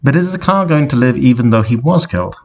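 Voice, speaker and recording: A man's voice: medium pitch, animated, fast, vocal fry, pitched above the performer's own voice. Naive amazed young boy, as a man puts him on, questioning, storybook reading.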